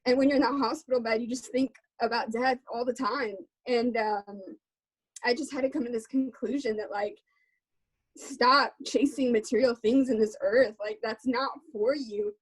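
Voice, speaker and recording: A young adult woman from Texas, a guest musician, speaks candidly in an interview, earnest, heartfelt, and centered on her faith. Her voice is fairly high and steady at a normal speed, slightly rough, and the audio quality is poor.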